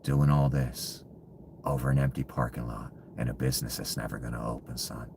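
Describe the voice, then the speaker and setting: A man in a bitter, profane ranting monologue, full of contempt and often sinking to low hushed muttering. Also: fairly even intonation, fairly quick, gravelly, noisy background.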